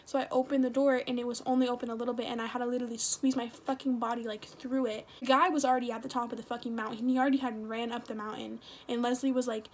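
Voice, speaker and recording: Rambling teenage girl with a high voice. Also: little pitch movement, quick pace, hardly any pauses, darkish tone. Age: teens. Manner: rambling, filler-heavy, swears a lot. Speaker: vlogger. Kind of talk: casual storytelling.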